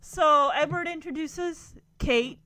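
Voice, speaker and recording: A woman's voice: high voice, slow pace, sharp tone, no room sound. A woman giving casual reaction commentary on a television episode, gushing and rambling as she gets emotional. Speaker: show reviewer.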